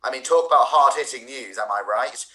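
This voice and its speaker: A man improvising a smooth, mock-formal male news anchor who teases his co-host. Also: medium pitch, a little fast, pushed and bright, natural voice, rough recording. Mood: teasing. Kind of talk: improv comedy.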